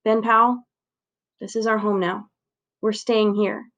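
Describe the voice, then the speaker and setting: A woman reading aloud as a calm, firm father reassuring his son. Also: medium pitch, unhurried, dull audio.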